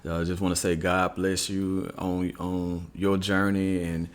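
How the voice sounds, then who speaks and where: A man's voice: low voice, little pitch movement, a little slow. A male radio host interviewing a guest, mostly brief replies and upbeat event plugs.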